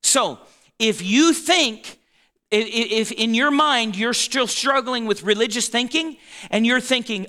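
Here a pastor in his forties speaks with a very high, bright, forceful voice, pacing himself a little slowly. His sermon is conversational, full of laughter and frequent check-ins with the congregation.

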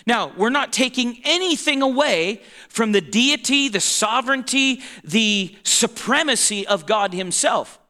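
High-voiced, lively preaching man. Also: measured pace, hardly any pauses. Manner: conversational preaching with frequent check-ins and laughter. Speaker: pastor. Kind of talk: sermon.

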